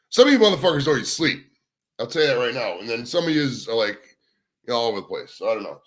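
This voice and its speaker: Young dude rambling on a home livestream, swears a lot, bright edgy voice. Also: male voice, medium pitch. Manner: rambling, profane, chatting to viewers. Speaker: livestream host. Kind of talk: casual livestream chat. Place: home, indoors.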